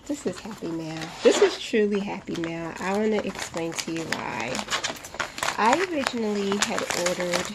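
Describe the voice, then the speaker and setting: A woman filming a casual unboxing vlog in her room at home, gushing with breathy, drawn-out exclamations. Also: medium pitch, lively intonation, very noisy. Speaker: vlogger.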